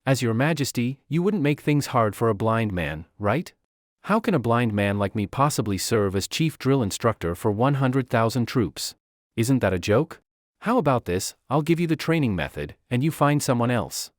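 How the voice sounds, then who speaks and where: A man's voice: mid-range voice, sing-song, moderate pace, no room sound, studio quality, close to an everyday voice. A man voicing a sly young lord who pretends to be blind, pleading in a wheedling, mock-pitiful way.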